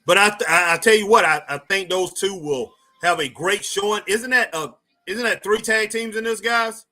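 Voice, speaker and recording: A man whose voice sits high, bright and forceful, chats at normal speed while hosting a casual live stream on wrestling. Answering viewers, he talks loosely and repeats himself.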